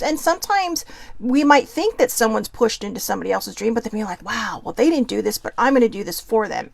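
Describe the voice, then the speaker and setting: A woman with a Californian accent hosts a casual solo session, musing as she reads oracle cards aloud. She talks quickly, keeps interrupting herself, and admits she's nervous, with a medium-pitched voice and some vocal fry.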